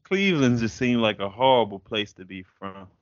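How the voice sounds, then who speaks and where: A man's voice: fairly low pitch, big pitch swings, normal speed. A man co-hosting a podcast, talking bluntly in slangy, opinionated casual chat. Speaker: podcast co-host. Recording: dull lo-fi sound.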